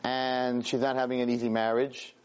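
Man, rabbi, storytelling class, animated, self-mocking, hebrew and yiddish words mixed in. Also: mid-range voice, normal speed, clear, resonant tone. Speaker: rabbi and teacher.

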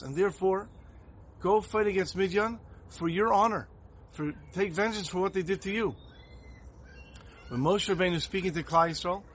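Man, rabbi-style sermon, slightly high voice, faint background hiss. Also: fairly bright tone. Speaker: rabbi giving a Torah talk. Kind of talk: sermon with storytelling.

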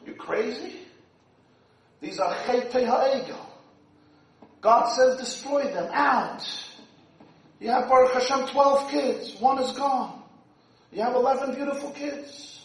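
Impassioned preacher in an echoey hall. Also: male voice, extremely high pitch, slow pace, long pauses. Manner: dramatic swings from hushed to shouting. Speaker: rabbi giving a speech. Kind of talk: impassioned sermon. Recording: echoey hall, distant mic.

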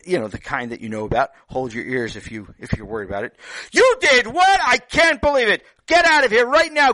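A man's voice: medium pitch, fairly bright tone, dry recording, rough recording. A man telling a children's story with playful self-joking asides and frequent stammers. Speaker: storyteller, lecturer.

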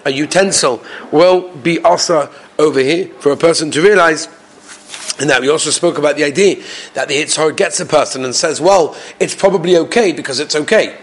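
A man teaching a Torah lesson to a class, animated and quizzing his students. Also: a little high, brisk. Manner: animated, asks the class questions.

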